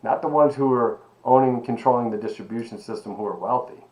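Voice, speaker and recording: A man teaching an online sociology lecture, animated and emphatic, asking rhetorical questions and calling his students baby. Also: medium pitch, fast talker, low-quality recording. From Miami. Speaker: sociology professor.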